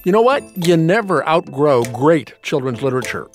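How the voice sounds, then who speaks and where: A man's voice: fairly high pitch, sing-song, moderate pace, soft background music. A man hosting a public radio show, delivering polished scripted links and introductions. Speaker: radio host.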